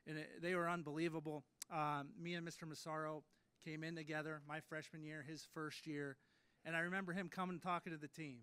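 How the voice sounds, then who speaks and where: A man's voice: on the high side, little pitch movement, a little fast, pushed and bright, smooth. A man in his late thirties giving an induction speech at a ceremony, telling stories in a self-deprecating way with many fillers and restarts. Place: ceremony hall.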